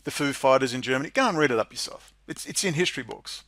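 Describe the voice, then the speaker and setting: A man's voice: medium pitch, animated, quick pace, dry recording. Middle-aged Australian male commentator, sarcastic and scornful, dry close recording. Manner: sarcastic, mocking, swings into loud incredulous laughter. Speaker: political commentator. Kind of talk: monologue reading and commenting on legislation.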